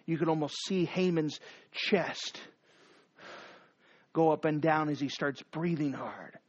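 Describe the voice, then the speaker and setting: A man preaching a sermon, retelling the passage with dramatic, animated storytelling. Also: high voice, a little slow, muffled recording. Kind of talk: expository sermon.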